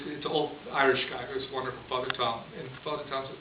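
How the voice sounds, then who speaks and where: Chuckling priest in an echoey room. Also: male voice, mid-range voice, fairly even intonation, moderate pace. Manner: conversational, chuckles often. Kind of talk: storytelling homily. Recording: distant echoey lo-fi room recording with hiss.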